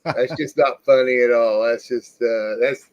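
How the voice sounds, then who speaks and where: Slow-talking man with dry quips. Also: mid-range voice, steady tone, a little mellow, highs cut off. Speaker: co-host. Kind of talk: casual talk-show banter.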